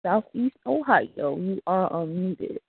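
A woman's voice: fairly low pitch, animated, slow pace, creaky, husky, no room sound. A woman hosting a casual live call-in radio show, upbeat and laughing often, using loose slang. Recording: tinny phone-like call audio.

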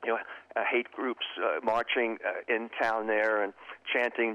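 Male interview guest, former profiler, halting and repetitive, low voice, dull lo-fi audio. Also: fairly even intonation, no room sound. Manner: halting, repeats words often. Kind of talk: casual interview talk.

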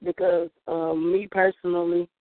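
Calling into a show, a young Southern woman with a Southern accent delivers a testimony in an emphatic, preacherly style, speaking directly to the audience. Her fairly low voice keeps a level tone at a slightly slow pace, and the tinny phone line sounds dry, with no echo.

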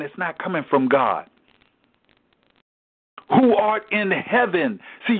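Man, Bible study teacher, fairly high voice, rhetorical questions, repetitive emphatic cadence, tinny phone-quality recording. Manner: rhetorical questions, repeats "why?" and "guess what?".

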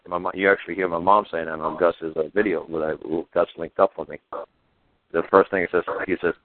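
A man's voice: low-pitched, fairly even intonation, brisk, dry recording. A man hosting a podcast, telling a rambling, profane story in a casual way and acting out the voices of the people in it. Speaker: podcast host. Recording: tinny phone-like line, dry.

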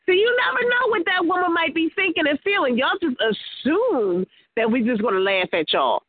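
A woman co-hosting a radio talk show teases and questions the men in casual chat. Her voice is high, and the sound is dry and squeezed into a narrow phone-like band. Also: sing-song, moderate pace, few pauses, no echo. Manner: teasing, questioning.

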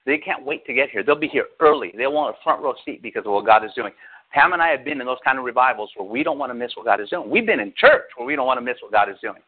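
A man's voice: medium pitch, expressive, fast talker, husky. A male pastor preaching a sermon, talking to his congregation with lots of rhetorical questions. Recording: phone-like narrow sound.

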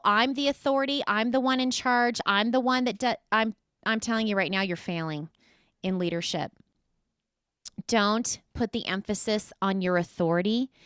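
Emphatic woman host, crisp and dry. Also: fairly high pitch, fairly bright tone, no echo. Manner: emphatic, direct address to listeners, repeats key points. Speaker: talk show host. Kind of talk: motivational talk-show monologue.

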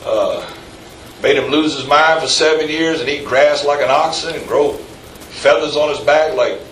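A man's voice: medium pitch, fairly bright tone, a little hiss or hum. Preaching man in a roomy, distant church. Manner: conversational, rising to emphatic peaks, quizzing the congregation. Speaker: pastor. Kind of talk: sermon. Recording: echoey room, from far off, faint ambience.

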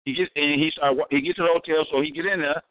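A man telling stories in a casual chat, animated and profane, repeating words as he thinks. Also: a little high, fast, no room sound. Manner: animated, acts out voices in his stories. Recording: tinny phone-like sound, dry.

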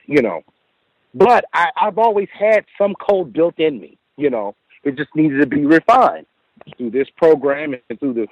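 A man's voice: on the high side, no room sound, rough recording. A man calling in to tell a story from work, acting out the lines of others and often saying "you know". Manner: animated retelling with quoted dialogue, frequent "you know". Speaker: caller. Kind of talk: casual storytelling.

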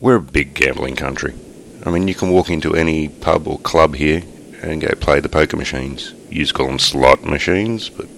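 A man's voice: extremely low pitch, normal speed, gravelly, few pauses, fairly bright tone, a little hiss or hum. An Australian man co-hosting a podcast, chatting in a laid-back, rambling way with lots of ums. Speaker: podcast co-host. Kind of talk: casual chat.

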